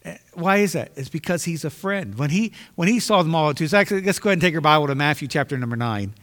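Emphatic bright-voiced male preacher in a hall. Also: on the high side, animated, fast talker. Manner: emphatic, repeats phrases for stress. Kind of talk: sermon. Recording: long hall reverb.

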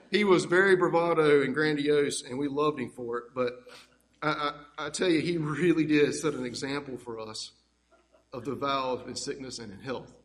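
A man telling fond, rambling family stories in a eulogy, speaking in a church. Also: a little high. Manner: warm, rambling, fond anecdotes. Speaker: grandson giving a eulogy. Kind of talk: heartfelt eulogy storytelling. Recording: echoey church hall with long reverb.

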